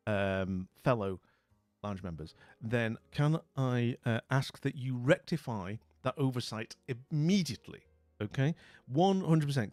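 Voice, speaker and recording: A man's voice: on the high side, dry recording. Jovial man streamer with theatrical exclamations. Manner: rambling, friendly greetings to chat. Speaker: live streamer host. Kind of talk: casual live-stream chat.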